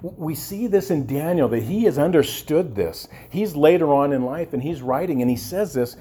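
A pastor with a somewhat high, expressive voice preaches passionately at a moderate pace, his dark tone carrying a breathy edge. He repeats words, restarts his sentences, and asks the congregation "amen?" to draw their agreement.

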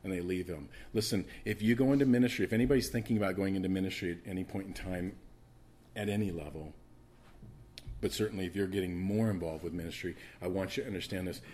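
A man preaching a sermon in a lowish voice. He swings from loud, emphatic stretches to hushed, quiet asides. He repeats words and restarts phrases for emphasis. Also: quick pace, slight background noise.

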